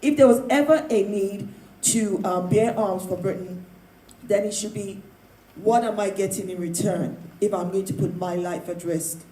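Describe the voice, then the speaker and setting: A woman speaking in a panel discussion, loud and emphatic, often breaking into laughter. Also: medium pitch, moderate pace. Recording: roomy, echoey sound.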